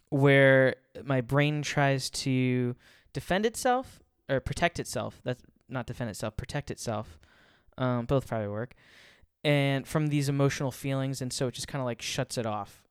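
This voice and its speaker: A man's voice: medium pitch, smooth, dry recording, studio quality. A man giving a casual faith talk. He chuckles often and rambles, restarting his sentences.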